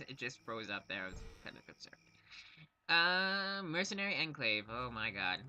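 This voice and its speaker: A man's voice: medium pitch, very animated, moderate pace, bright, forceful tone, a little hiss or hum. Joking man narrating a game. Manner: joking, self-mocking, laughs often. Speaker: game streamer. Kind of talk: casual let's-play commentary.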